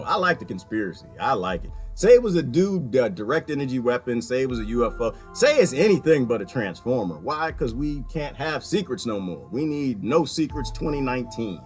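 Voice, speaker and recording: A man delivering a ranting comedic monologue, swinging from low mutters to high-pitched outbursts. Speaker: vlogger.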